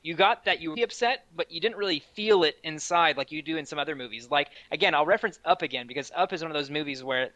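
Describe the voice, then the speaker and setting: A man giving his take on a film in a casual podcast chat, earnest and fluent. His voice is bright and a little high. The sound is close and dry. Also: fast talker, few pauses, no echo. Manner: earnest, opinionated, fluent with light fillers. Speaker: podcast co-host.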